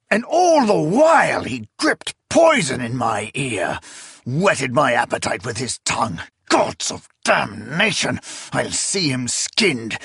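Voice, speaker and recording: A man's voice: mid-range voice, vocal fry, slightly rough, no echo, clean studio sound, heavily acted. A man playing a paranoid raging emperor. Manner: ranting, drunken, shouting in rage. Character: frightened, paranoid, volatile male emperor.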